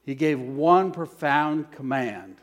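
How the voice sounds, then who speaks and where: A pastor preaching a sermon, moving between hushed lines and loud, emphatic calls. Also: male voice, a little high, lively intonation, slow. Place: church.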